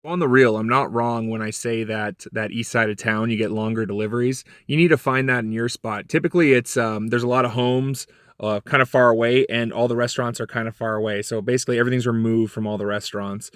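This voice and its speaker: A man's voice: steady tone, fast, no echo, studio quality. A man vlogging casually from his car about his delivery shifts, telling stories and acting out the voices of people he met. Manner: chatty storyteller, acts out quoted lines with big pitch jumps. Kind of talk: casual vlog monologue.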